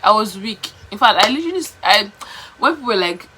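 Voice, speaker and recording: A young Nigerian woman vlogging, telling a story to camera in a chatty, animated way, repeating herself and slipping into pidgin. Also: mid-range voice, a little fast, slight background noise, poor audio.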